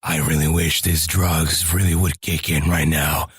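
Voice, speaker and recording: Guy doing a weary, gravel-voiced game antihero who broods in a low, flat drone. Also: a little slow, no room sound, clean studio sound, exaggerated voice. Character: gloomy, gravelly action-game hero, male adult.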